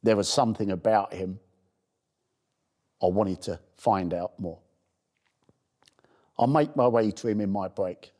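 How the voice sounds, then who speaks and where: Earnest man with a low, mellow voice. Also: a little slow, long pauses. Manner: earnest, heartfelt retelling. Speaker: first-aid campaigner. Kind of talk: first-person documentary storytelling.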